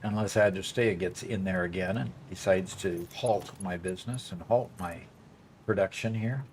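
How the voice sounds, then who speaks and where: A man's voice: low-pitched, moderate pace, a little hiss or hum. A man chatting casually on a gameplay livestream, rambling with fillers as he plays. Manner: rambling, many fillers and restarts. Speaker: streamer.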